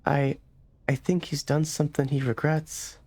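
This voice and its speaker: A man's voice: fairly high pitch, little pitch movement, unhurried, voice pushed up. A man voicing an anxious middle-aged woman who speaks hesitantly in an old-fashioned dialect. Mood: worried. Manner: hushed, hesitant, rough old-world dialect.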